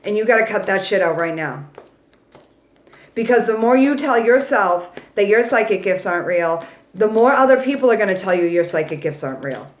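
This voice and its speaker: Tarot reader, female, frank pep-talk delivery with a few swear words, heartfelt, middle pitch, roomy echo. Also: expressive, normal speed. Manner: emotional, warm and affectionate toward viewers. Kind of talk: casual tarot reading to camera.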